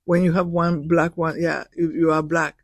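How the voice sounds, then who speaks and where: A woman in her sixties, a professor, is interviewed as a guest in an indoor radio studio, in a dry recording. Her low voice has little pitch movement and a normal pace. Telling personal stories, she is heartfelt and near tears, restarting and repeating words when moved.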